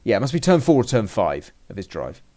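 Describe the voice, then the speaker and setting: A man's voice: on the low side, very animated, fairly quick, mellow. Man rambling through a game recap. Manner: rambling, restarts, acts out his own and his opponent's lines. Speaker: podcast host recounting a game. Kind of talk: casual chat, play-by-play recap.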